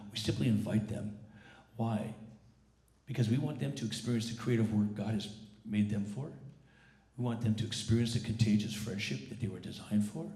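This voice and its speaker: A male pastor preaching a sermon conversationally, his voice roughened from a recent illness, with frequent restarts and repeated words. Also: lowish voice, dark tone. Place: church service. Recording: echoey church sanctuary.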